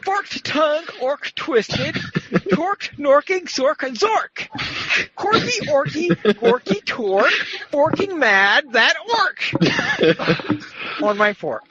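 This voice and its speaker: A man's voice: extremely high pitch, sing-song, takes it slowly, crowd noise. A man hosting a podcast in casual chat, reading goofy verse in a playful, giggly, hammy way over dull lo-fi call audio. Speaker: podcast host.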